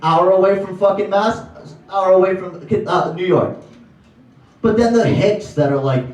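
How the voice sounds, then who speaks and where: A man's voice: high-pitched, a little slow, a little mellow. A young man from Connecticut doing a profane, ranting stand-up set in a comedy club. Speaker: stand-up comic. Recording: echoey club from far off.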